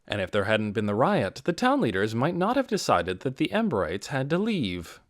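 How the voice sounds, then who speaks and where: A man narrating an audiobook in a measured, dramatic storytelling manner. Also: medium pitch, wildly swooping pitch, no room sound, studio quality. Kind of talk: scripted narration.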